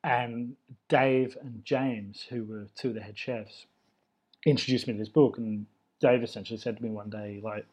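Australian man, thirties, mid-pitched, easygoing, enthusiastic chef storyteller. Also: fairly even intonation, normal speed, darkish tone, husky. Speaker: chef, guest. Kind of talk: casual conversational interview.

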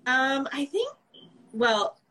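A woman who works as an architect and designer, talking casually with fillers and a relaxed, chatty manner. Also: sits high, very slow, low-quality recording. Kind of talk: casual conversation.

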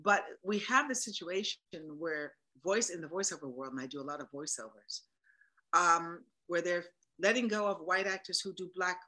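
Forceful animated woman in an interview. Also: lowish voice, moderate pace, rough recording. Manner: animated and emphatic. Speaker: guest, voice actor and producer. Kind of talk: casual interview chat.

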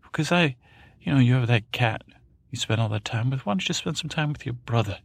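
Man putting on a higher sly teen king voice, coaxing, fake friendly, a bit gravelly. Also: animated, brisk, no room sound. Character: cruel teenage boy king, falsely friendly.

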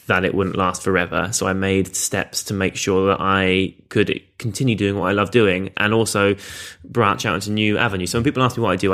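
A man's voice: deep voice, a bit bright. A man being interviewed in a studio, talking candidly and chattily, now and then poking fun at himself. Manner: candid, chatty, self-deprecating, with laughs. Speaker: guest. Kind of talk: casual interview chat. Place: studio across a table.

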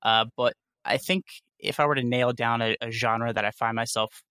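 A man talks casually as a podcast co-host, his tone bright and forward. He tells animated stories and laughs easily. The sound is dry and close. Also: medium pitch, normal speed, clear, resonant tone, dry recording. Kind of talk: casual chat.

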